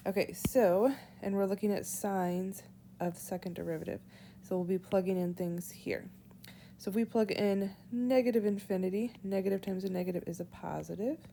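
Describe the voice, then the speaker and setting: A woman teacher giving a whiteboard math lesson, walking through each step slowly and aloud. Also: medium pitch, fairly even intonation, vocal fry, dark tone, slight background noise. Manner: slow, deliberate, walks through steps aloud. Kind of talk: whiteboard lesson explaining calculus.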